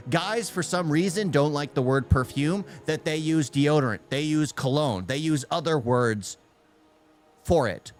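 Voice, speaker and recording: Animated, laughing male reaction streamer. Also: a little high. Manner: animated, stammering, laughs often. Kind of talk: casual reaction commentary.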